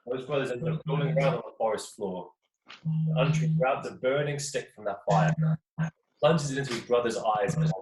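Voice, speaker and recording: A young man from England telling a folk tale to a live audience in a playful, chatty way, with questions for his listeners. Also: medium pitch. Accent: English. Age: young adult. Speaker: storyteller. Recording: echoey room, mic at a distance, faint noise.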